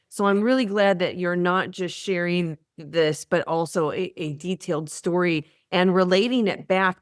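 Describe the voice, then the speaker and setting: Female interview host; lower voice, dry sound; earnest and affirming. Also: no echo. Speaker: podcast host. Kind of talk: interview conversation.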